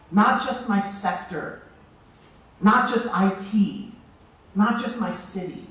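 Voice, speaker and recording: Woman speaker telling a story on stage, expressive, with long pauses; heard from a distance in a big echoing hall. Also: mid-range voice. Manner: expressive, slow and deliberate with dramatic pauses. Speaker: keynote speaker. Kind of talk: storytelling speech to an audience. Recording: very echoey hall, distant mic.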